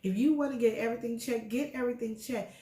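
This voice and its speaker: Talking fast in a slightly high voice, this middle-aged co-host is candid about her health on a casual show, acting out conversations as she tells her stories. The recording is reverberant.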